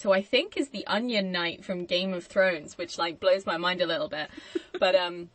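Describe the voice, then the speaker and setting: A woman's voice: medium pitch, moderate pace, fairly bright tone, slight background noise. A woman hosting a podcast, chatting casually about a film, laughing often and acting out quoted lines. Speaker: podcast host.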